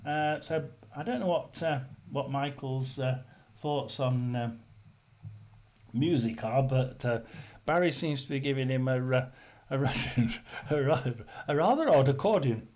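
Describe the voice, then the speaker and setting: A man's voice: mid-range voice, unhurried, darkish tone. A man hosting a casual livestream, chatting with viewers and reading their comments, rambling with many fillers and restarts. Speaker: livestream host.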